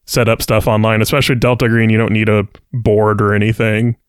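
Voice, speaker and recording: A man's voice: on the low side, little pitch movement, brisk, smooth, dry recording, studio quality. A man chatting casually in a group, friendly and enthusiastic. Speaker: podcast co-host.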